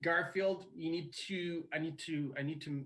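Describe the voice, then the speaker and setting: A man addressing fans in a promotional video, rambling and excitable, stumbling over fillers and restarts. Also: on the high side, moderate pace. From Canada. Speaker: restaurant founder in a played video.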